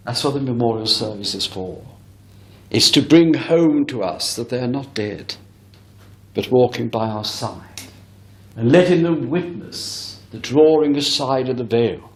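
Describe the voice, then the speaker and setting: A man giving a spiritualist lecture as a medium, telling a story earnestly and emphatically to a live audience. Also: medium pitch. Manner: earnest, emphatic, often addresses the audience directly. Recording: echoey hall recording.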